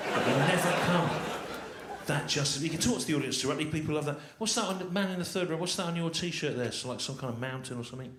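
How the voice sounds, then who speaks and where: On stage at a large live comedy venue, a male stand-up comedian does crowd work in a dry, repetitive, mock-exasperated way. His voice is fairly high, animated and fast. The echoey live recording carries loud noise and audience laughter.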